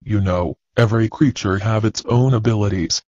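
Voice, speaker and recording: A man voicing a calm, caring grown father pig in a plain, gentle reading voice. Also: lowish voice, moderate pace, no room sound, lightly acted. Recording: dull, dry lo-fi recording.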